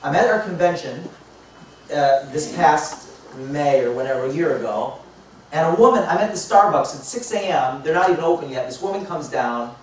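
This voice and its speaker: A man in his fifties, a motivational speaker telling lively stories to a live audience and acting out both sides of conversations. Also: on the high side, moderate pace. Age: 50s. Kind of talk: storytelling talk to a live audience. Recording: echoey hall, mic far off, faint noise.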